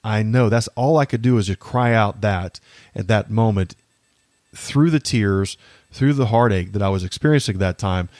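A man in his thirties hosting a faith podcast, talking about grief in an earnest, halting way with many fillers and restarts. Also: lowish voice, darkish tone, no room sound, clean studio sound. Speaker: podcast host. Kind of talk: faith-based personal reflection.

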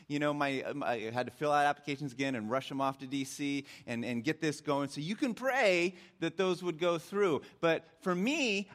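A middle-aged man preaching as a pastor, telling stories in a conversational way that grows animated when he recounts his frustration. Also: on the high side. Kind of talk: sermon.

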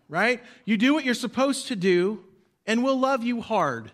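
A man preaching a sermon as pastor, swinging between loud emphasis and quiet drops, leading the congregation to repeat lines after him. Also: very high voice, animated, a little slow. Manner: leads the congregation in call-and-response.

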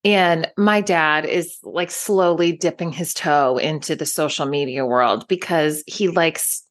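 Woman, 30s, easygoing podcast co-host, chatty and quick with asides. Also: low-pitched. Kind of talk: casual chat.

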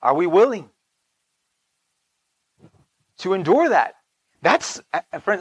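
High-voiced man telling a lively sermon story. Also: moderate pace, slightly rough. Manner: animated storytelling with laughs and frequent "right?". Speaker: preacher.

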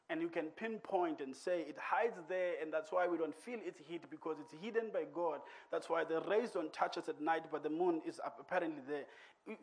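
A man preaching a sermon into a microphone, speaking earnestly and building to loud, emphatic passages. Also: high-pitched. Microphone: microphone on a church sound system.

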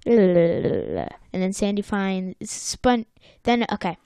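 女播客主持人在轻松闲聊中复述剧情，语气俏皮、絮絮叨叨，声音干涩，贴近麦克风。. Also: female voice, mid-range voice, slow pace, dark tone, clean tone, no echo, studio quality. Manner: playful, rambling storytelling. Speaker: podcast co-host. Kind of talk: casual episode recap chat.

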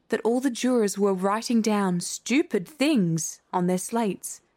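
A woman narrating a classic children's storybook in a measured, clear way. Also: medium pitch, darkish tone. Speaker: audiobook narrator. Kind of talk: storybook reading.

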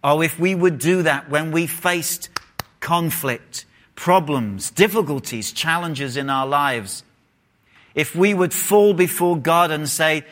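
Male preacher, slightly high voice, unhurried, punchy emphasis, questions the congregation. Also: fairly bright tone. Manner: emphatic preaching with dramatic pauses and rising emphasis. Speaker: pastor. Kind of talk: sermon.

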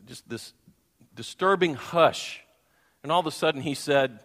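A man preaching a sermon as a pastor, telling a story in an animated way and acting out the voices of the people in it. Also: mid-range voice, moderate pace. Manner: animated, acts out voices and sings. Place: church hall. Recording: long hall reverb.

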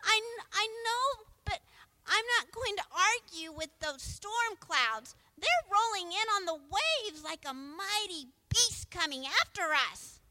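A woman voicing a shrill, fretful talking parrot. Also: expressive, unhurried, bright, forceful tone, slight background noise, full character voice. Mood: worried. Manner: fretful, pleading warnings. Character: anxious talking parrot, ship's lookout. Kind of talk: live stage show role-play.

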